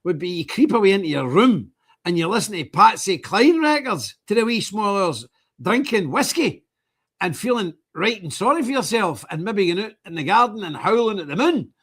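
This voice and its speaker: Husky Irish man, lively rambling talk. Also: sits high, moderate pace. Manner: rambling, animated, acts out quoted dialogue. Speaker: host of a church channel's update stream. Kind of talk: casual opinionated monologue.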